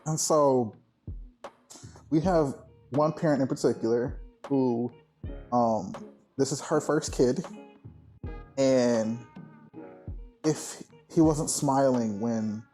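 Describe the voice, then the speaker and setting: A man's voice: medium pitch, slow, pauses often, warm tone, faint music behind. A man co-hosting a podcast in casual chat, talking bluntly and cursing freely. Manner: blunt, profane banter. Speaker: podcast co-host.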